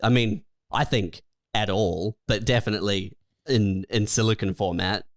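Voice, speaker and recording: A man's voice: lowish voice, moderate pace, no room sound, clean studio sound. A man co-hosting a podcast in casual comedic chat, rambling with lots of laughter. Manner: rambling, laughs often, says dude and man. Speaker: podcast co-host.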